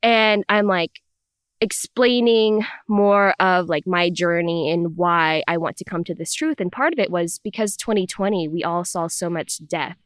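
Young woman telling a lively personal story. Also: fairly low pitch, measured pace, clear, resonant tone, no room sound, clean studio sound. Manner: animated, acts out her parents' voices in quotes. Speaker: podcast guest. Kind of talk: storytelling conversation.

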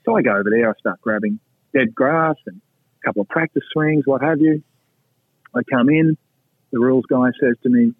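A middle-aged Australian man, a podcast guest telling golf stories in a lively, blunt way with salty asides. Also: medium pitch, brisk, pauses often, breathy edge, dry recording. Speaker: podcast guest, pro golfer. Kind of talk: casual storytelling. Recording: tinny phone-like line, dry.

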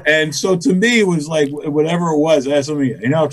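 A man's voice: on the high side, fast talker, few pauses. A male stand-up comedian telling a story in casual chat, acting out quotes and laughing often. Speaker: guest comedian and voice actor.

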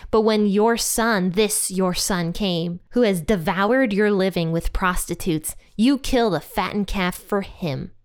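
A woman voicing an indignant older brother complaining bitterly in a retold parable, her clear voice lifted a little higher. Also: measured pace, few pauses, lightly acted. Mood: resentful. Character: indignant resentful older brother, young man.

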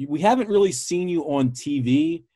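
A man interviewing a guest, asking questions in a conversational way with filler pauses. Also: a little high, animated, mellow, dry recording.

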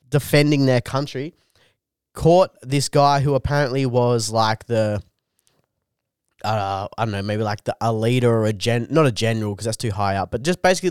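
Laid-back young man, crisp voice. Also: mid-range voice, darkish tone, no echo, studio quality. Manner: laid-back, swears constantly, says dude a lot. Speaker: podcast co-host. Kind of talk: crude casual chat.

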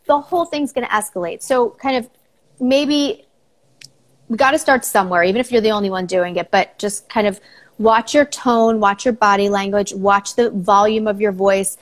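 A woman's voice: medium pitch, moderate pace. Earnest, advice-giving middle-aged woman. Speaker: psychologist guest. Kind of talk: casual podcast chat.

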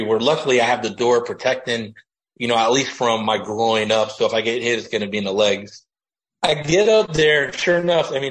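A man's voice: medium pitch, poor audio. A middle-aged retired army master sergeant from the United States, telling his story in a blunt, casual way full of slang and fillers. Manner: blunt, slangy, full of "you know" and "bro".

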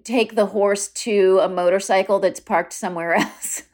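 A woman hosting a podcast, recapping a TV show in casual chat, chatty and quick to laugh, with plenty of fillers. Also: medium pitch, steady tone, a little mellow. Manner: chatty, full of fillers and laughs, mimics quotes. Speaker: podcast host.

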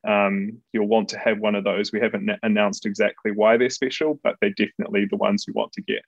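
A man's voice: fairly low pitch, little pitch movement, fast talker, no room sound, lo-fi sound, faint music behind. A man explaining plans in an interview clip, hesitant with many fillers. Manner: hesitant, full of ums, explanatory.

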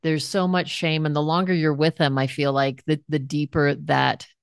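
A woman's voice: low voice, flat delivery, normal speed, vocal fry, smooth, dry recording, clean studio sound. A woman hosting a podcast interview, asking earnest, reflective questions. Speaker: podcast host.

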